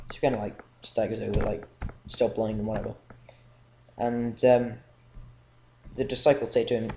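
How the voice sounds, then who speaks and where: Young man, low mellow voice, casual rambling Bible chat, echoey room with faint hiss. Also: flat delivery, normal speed, gravelly, long pauses. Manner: rambling, informal, many ums. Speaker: Bible reading vlogger.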